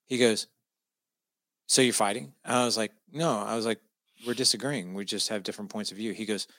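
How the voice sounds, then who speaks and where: Speaking fast in a voice on the low side, a middle-aged podcast guest recounts a personal story casually. He animatedly performs the dialogue of people he quotes, and the sound has no echo.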